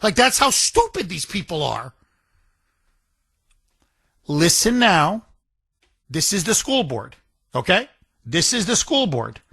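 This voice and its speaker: Mocking high-voiced male talk radio host. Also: very animated, slow pace, creaky, pauses often, fairly bright tone, slightly rough, no room sound. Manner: mocking, indignant, mimics others in a whiny voice. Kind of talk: opinionated talk radio monologue.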